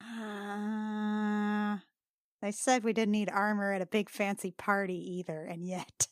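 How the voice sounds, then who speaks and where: A woman's voice: medium pitch, level tone, slow pace, smooth, no room sound, studio quality. Sardonic woman grumbling in character. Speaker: player. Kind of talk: playing a tabletop game, in character.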